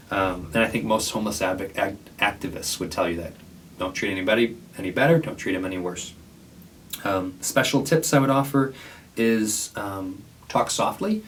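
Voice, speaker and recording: A man's voice: on the low side, fairly quick, recorded from a distance, a little hiss or hum, poor audio. A man who works at a homeless shelter, giving a casual, earnest training talk to librarians with many fillers and restarts.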